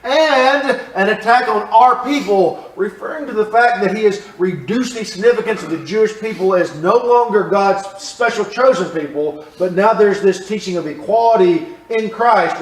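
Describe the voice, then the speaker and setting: A man teaching a Bible class in a church. He asks the class questions and repeats his points. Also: high-pitched. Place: church room. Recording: roomy echo, mic at a distance.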